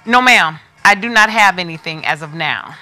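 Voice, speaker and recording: Bright-voiced chatty woman hosting a sales stream. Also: on the low side, animated, moderate pace, soft background music. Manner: chatty, talks straight to viewers. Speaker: wig shop host selling on a live stream. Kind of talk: casual live product demo.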